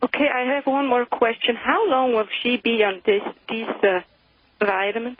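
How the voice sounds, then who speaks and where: A woman's voice: fairly high pitch, moderate pace, a little hiss or hum. A woman calling a radio show and asking short questions about her daughter's care. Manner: questioning, brief replies. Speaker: caller. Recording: dull dry phone line.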